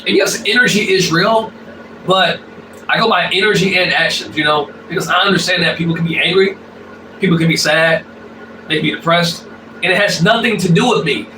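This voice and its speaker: A man's voice: sits high, brisk, background noise. A man talking casually in a blunt, profane monologue, repeating himself and using many fillers. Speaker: spiritual vlogger. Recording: roomy, distant mic with faint ambience.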